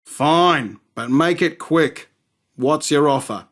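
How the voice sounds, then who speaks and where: Brief: a cocky arms dealer, crude and sardonic, slightly high voice, slow drawl. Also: male voice, fairly bright tone. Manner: sardonic, swaggering, rude. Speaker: game character. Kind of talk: game voice acting.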